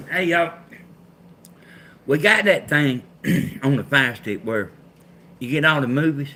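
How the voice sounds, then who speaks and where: A man's voice: a little high, slow pace, pauses often, sharp tone, a little hiss or hum. A man from Georgia with a Southern accent, co-hosting a live chat and talking to viewers in a plainspoken, laid-back country way. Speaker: co-host of a live chat stream.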